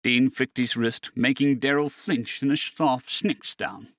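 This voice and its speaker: A man narrating a science fiction story in a steady storytelling manner. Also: mid-range voice, unhurried, no echo, studio quality. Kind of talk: scripted narration.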